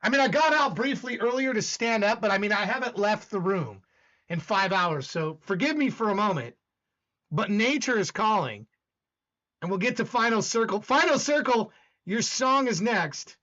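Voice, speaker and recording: A man's voice: sits high, lively intonation, moderate pace, bright, forceful tone, dull audio. A man from the American South with a Southern accent, hosting a casual livestream, rambling and arguing with his chat. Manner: rambling, talks back to chat, argumentative. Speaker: livestream host.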